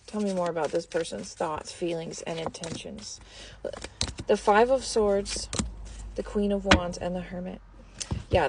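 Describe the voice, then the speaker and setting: A woman's voice: medium pitch, a little mellow. A young woman giving a casual tarot reading, talking bluntly and chattily with lots of filler words and the odd swear. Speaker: tarot reader.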